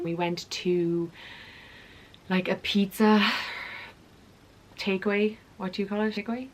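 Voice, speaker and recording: A young woman tells a story to camera in a chatty, animated way and acts out the dialogue. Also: medium pitch, a little slow, long pauses, a little hiss or hum. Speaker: vlogger.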